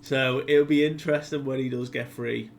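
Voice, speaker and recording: A man's voice: mid-range voice, steady tone, moderate pace, slight background noise. A man hosting a casual comic chapter recap, chatty and full of fillers, who acts out the characters' lines. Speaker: manga discussion video host.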